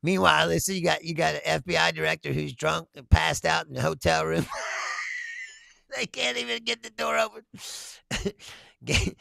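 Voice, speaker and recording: Guy hosting a politics show, high gravelly voice, cusses a lot and keeps laughing. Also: normal speed, pauses often, sharp tone, no room sound. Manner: laughs often, blunt and profane. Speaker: host.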